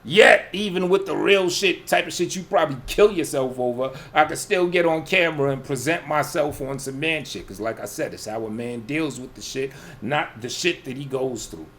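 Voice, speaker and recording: A man's voice: fairly high pitch, normal speed, few pauses, a bit bright. A man in casual radio chat, profane and self-assured, defending himself and brushing off a rival's roast. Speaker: guest under roast.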